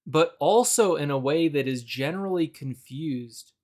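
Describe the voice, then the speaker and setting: Young guy explaining a bible verse, slightly higher voice, steady scripted delivery. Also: unhurried. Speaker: Bible video presenter.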